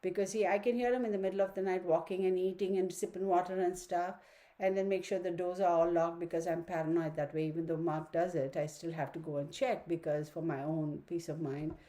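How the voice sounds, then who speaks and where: A woman's voice: fairly low pitch, little pitch movement, fairly quick, mellow. A woman giving a chatty, opinionated tarot reading from her home study, talking to viewers and her dog. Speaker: tarot reader. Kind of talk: casual online tarot reading.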